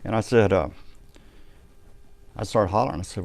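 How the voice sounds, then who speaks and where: A man giving a personal testimony in a ministry live stream, telling his story vividly and acting out the shouts and reactions of the people in it. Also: on the low side, very animated, normal speed, long pauses, no room sound.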